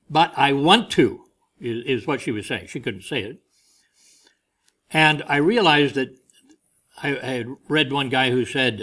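A man's voice: medium pitch, fairly bright tone. A man preaching a sermon, telling a family story and acting out the voices he quotes.

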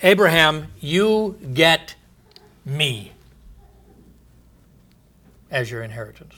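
A man preaching a sermon, building to emphatic, drawn-out phrases and dropping to a quiet low voice at the ends of thoughts, with short chuckles between points. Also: big pitch swings. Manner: emphatic, stretching key phrases with rising volume.

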